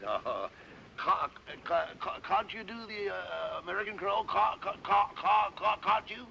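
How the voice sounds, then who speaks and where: A man playing a brisk, bossy straight man in a 1950s TV comedy, coaxing and taking charge. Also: high voice, lively intonation, vocal fry, bright, forceful tone, highs cut off, a little hiss or hum, exaggerated voice.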